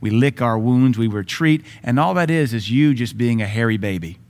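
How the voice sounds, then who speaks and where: A man in his thirties preaching with passion from the pulpit. His voice sits at an ordinary middle pitch, and he shifts between earnest teaching and lively acted-out dialogue. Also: moderate pace. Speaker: pastor. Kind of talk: sermon.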